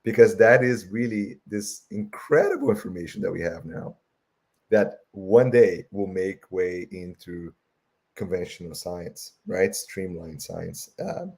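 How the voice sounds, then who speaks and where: A man giving a lecture with slides, tagging "right?" onto almost every phrase, with a voice that is going and frequent throat-clearing. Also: deep voice, a little mellow. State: losing his voice, clears throat often.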